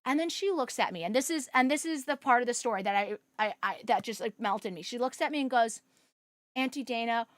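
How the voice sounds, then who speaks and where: A woman's voice: a little high, fast talker, hardly any pauses, dry recording, clean studio sound. A young adult woman hosting a livestream, chatting casually with her viewers, greeting them by name and telling a story with lots of fillers. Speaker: livestream host. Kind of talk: casual chat with live chat.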